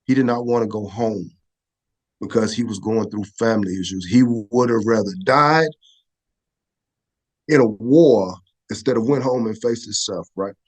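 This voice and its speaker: A man's voice: fairly low pitch, normal speed, long pauses. A middle-aged man, a former Air Force photographer, telling a personal story as a podcast guest, conversational and often asking "right?". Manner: conversational, repeats "right?" and restarts words. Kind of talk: emotional storytelling in an interview.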